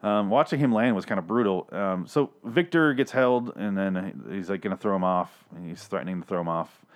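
A man's voice: low voice, normal speed. A man hosting a casual TV episode recap, rambling, profane and opinionated as he talks. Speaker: podcast host.

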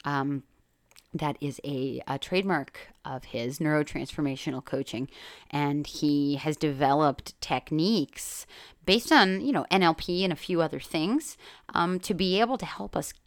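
A woman's voice: low-pitched, a little slow, no room sound. A woman life coach talking casually on her own podcast, candid and chatty, swearing freely and laughing often. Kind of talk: casual solo podcast talk.

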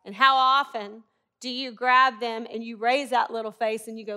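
Bright-voiced middle-aged woman preaching. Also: high-pitched, normal speed, clean tone. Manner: conversational, humorous, emphatic preaching. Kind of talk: sermon.

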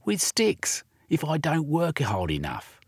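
A man puts on a small runaway orphan boy in a storybook reading, his voice pitched up high and pleading, with a husky edge. The lad talks in earnest, ungrammatical street slang, lifting and dropping his tone a lot. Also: wildly swooping pitch, slow, no echo, clean studio sound, full character voice. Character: boy, young runaway orphan, cockney-tongued.

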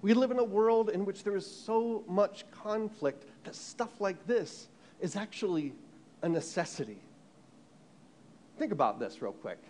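American guy giving a sermon, kinda high voice, tells it like a story, lots of restarts. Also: unhurried, slight background noise. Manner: animated storytelling with frequent restarts and repeated words.

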